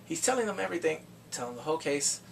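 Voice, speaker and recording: A man recapping a TV drama in a casual vlog, chatty and excitable, acting out the scenes. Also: on the high side, fast, vocal fry, recorded from a distance, a little hiss or hum, rough recording. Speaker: drama reviewer.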